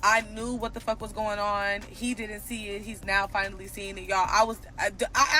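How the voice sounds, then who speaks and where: A woman recounts a personal drama in a loose storytime monologue, her voice bright and forceful. She talks bluntly and swears freely, and a faint bed of music plays underneath. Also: medium pitch, normal speed, few pauses. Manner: blunt, profane, animated retelling.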